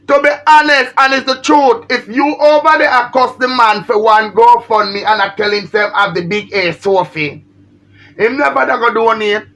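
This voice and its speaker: A woman's voice: a little high, fairly even intonation, moderate pace, hardly any pauses, fairly bright tone. A woman with a Jamaican accent, feeling unwell, ranting and pleading on a livestream. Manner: emphatic, pleading, repetitive. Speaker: social media personality.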